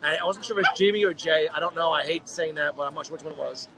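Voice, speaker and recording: A young man co-hosting a podcast, telling animated stories in casual chat and swearing freely. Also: a little high, quick pace, crowd noise, poor audio. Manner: animated storyteller, heavy swearing. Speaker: podcast co-host.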